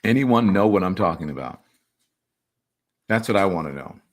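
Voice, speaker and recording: A man hosting a livestream talk show, reading viewer comments and reacting in an animated, emphatic way with teasing asides. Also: low-pitched, normal speed.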